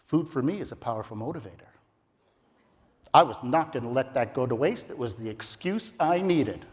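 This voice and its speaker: Animated man giving a stage speech. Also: medium pitch, moderate pace. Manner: theatrical, storytelling, comic timing. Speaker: contest speaker. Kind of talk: competition public speech. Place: large convention ballroom. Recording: reverberant ballroom.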